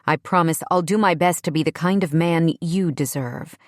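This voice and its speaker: A woman's voice: sits low, normal speed, dry recording, clean studio sound, close to an everyday voice. A woman voicing an earnest, apologetic young man. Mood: tender. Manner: soft, sincere, heartfelt.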